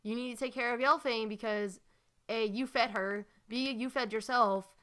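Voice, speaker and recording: A woman voicing an exasperated female cat clan leader in a flat, fed-up way. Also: a little high, moderate pace, close to an everyday voice.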